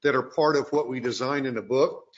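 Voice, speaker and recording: A man's voice: mid-range voice, fairly quick, lo-fi sound. A man co-hosting a sales webinar who jumps in to give listeners an instruction. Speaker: webinar co-host. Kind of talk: webinar presentation.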